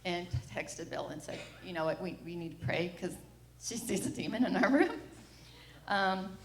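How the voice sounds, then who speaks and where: A woman's voice: on the low side, lively intonation, moderate pace, gravelly, roomy sound, a little hiss or hum. A middle-aged mother giving a personal testimony at church, telling the story frankly and acting out what people said. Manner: candid storytelling, acting out the quoted lines. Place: church sanctuary.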